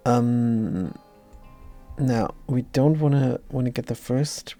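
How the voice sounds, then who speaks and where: Slow, gravelly man thinking aloud. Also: medium pitch, mellow, soft background music. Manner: mumbling thoughts aloud, often trailing off. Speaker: streamer. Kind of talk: live coding commentary.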